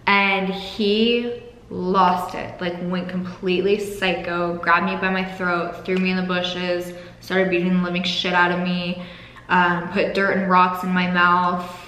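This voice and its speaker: A young woman with a lowish voice tells a painful story from her own life, frank and emotional, with swearing and a fight against tears. Her voice rings in an echoey room with a long reverb tail and faint noise underneath. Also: little pitch movement, a little slow, fairly bright tone. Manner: candid, emotional, swears freely. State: holding back tears. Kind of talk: personal storytelling.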